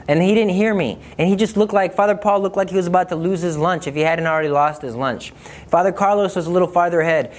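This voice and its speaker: A man telling a personal story in a lively way, acting out the dialogue in higher voices and dropping low and slow for serious asides. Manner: lively, acts out dialogue with raised pitch. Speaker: storyteller recounting a trip.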